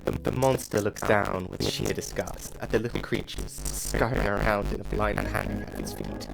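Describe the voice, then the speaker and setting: A man narrating a fantasy story to the listener in second person, in a rambling, playful way, over loud music. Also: on the low side, lively intonation, normal speed, vocal fry, poor audio. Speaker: narrator and game master.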